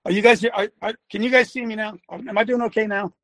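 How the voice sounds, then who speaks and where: An older man hosting a talk show as a former coach, venting and scolding his audience with bursts of shouting. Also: sits high, steady tone, fast talker. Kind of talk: ranting commentary.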